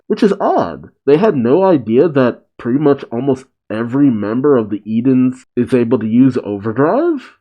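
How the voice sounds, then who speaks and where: A man hosting a comic reaction channel, reading a chapter aloud and breaking off into bewildered, animated asides. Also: medium pitch, moderate pace, few pauses, highs cut off.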